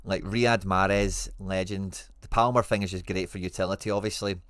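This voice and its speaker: A Scottish man hosts a relaxed livestream, reading out viewer comments and answering with slang and friendly teasing. His voice sits on the low side. The sound is dry and close, with no room echo. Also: moderate pace. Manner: chatty, reads out viewer comments and answers them. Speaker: livestream host. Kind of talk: casual livestream chat.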